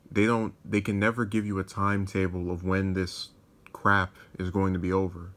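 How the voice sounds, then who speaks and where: Young male commentator with a low, monotone delivery. He reads the news, then drifts into sardonic asides. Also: brisk. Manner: sardonic, digressive, with frequent restarts. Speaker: political commentator.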